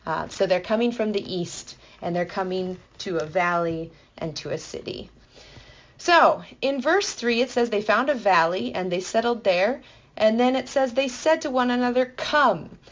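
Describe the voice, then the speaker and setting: A woman's voice: mid-range voice, moderate pace, dull audio. Enthusiastic woman teaching scripture. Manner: playful, enthusiastic, builds excitement. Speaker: Bible teacher. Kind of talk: explanatory podcast talk.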